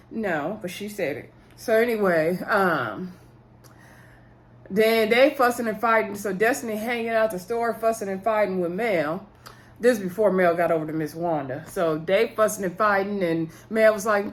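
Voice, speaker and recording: A woman giving a casual, chatty recap of a reality show episode, acting out the cast's lines in quick bursts, with lots of fillers. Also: medium pitch. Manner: chatty, retells scenes by voicing the cast, many fillers and laughs. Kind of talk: casual recap with acted-out quotes.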